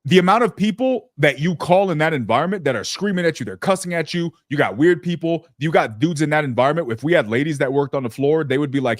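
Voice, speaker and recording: A man hosting a casual business podcast who tells stories bluntly and profanely and slips into lively impressions of people. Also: on the high side, fast, few pauses, no echo, studio quality. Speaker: podcast host.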